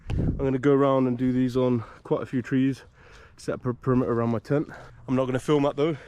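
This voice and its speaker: A British man vlogging solo while wild camping in a woodland talks casually to camera, walking through his gear step by step. He speaks quickly in a hushed half-whisper, his mid-range voice clear and resonant with little pitch movement.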